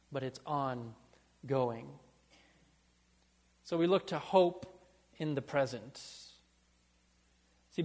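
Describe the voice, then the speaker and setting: A man preaching a sermon as pastor, earnest, building to fervent pleas and dropping to soft, low phrases. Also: big-room sound.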